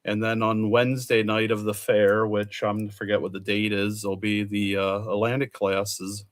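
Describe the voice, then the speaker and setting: A man's voice: lowish voice, level tone, normal speed. A man in casual chat, rambling through results and stories from an event he worked as an official. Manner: rambling, chatty, reads out results. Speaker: truck pull official.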